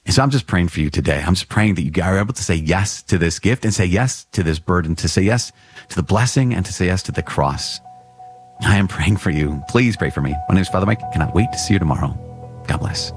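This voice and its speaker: A man's voice: sits low, animated, fast, faint music behind. A man speaking as a priest in a podcast teaching. He is earnest and repeats phrases for emphasis.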